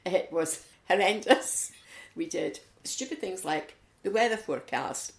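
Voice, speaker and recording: An unhurried Scottish woman with a low, gravelly voice relates stories during a chatty interview about her community volunteering. She lively acts out the words of people in her tales, and the recording has a roomy echo.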